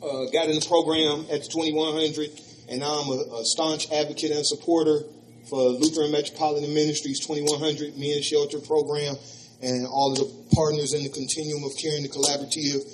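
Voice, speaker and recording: A man's voice: fairly high pitch, little pitch movement, fairly quick, slight background noise, low-quality recording. Man in his fifties telling his life story. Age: 50s. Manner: storytelling, acts out both sides of remembered conversations in a raised voice. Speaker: speaker sharing his story of homelessness. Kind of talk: personal testimony at a live teach-in. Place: church hall.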